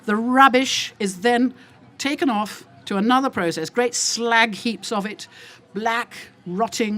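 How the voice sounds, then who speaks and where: Calling out to her audience as "ladies and gentlemen," an older olive oil seller gives a lively, rambling speech at an outdoor food festival. Her tone is indignant and emphatic, with big leaps in pitch.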